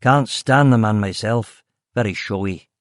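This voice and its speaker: A weary, blunt senior detective of about fifty, with a faint Scottish accent, who swears freely and speaks low and subdued, as a male narrator plays him. The voice sits lower and softer than the narration around it, recorded in a dry, close space for an audiobook. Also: measured pace, no room sound, lightly acted. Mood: gruff, weary. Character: grizzled fifty-year-old male detective chief.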